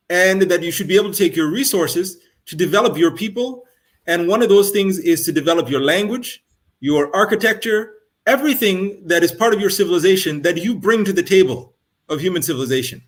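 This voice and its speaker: Man, interview host, higher pitch, measured, thoughtful, long questions. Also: fairly bright tone.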